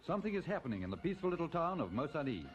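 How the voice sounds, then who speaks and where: Fast, lively 1950s newsreel announcer man. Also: on the high side. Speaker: newsreel narrator. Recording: dull old newsreel audio with music.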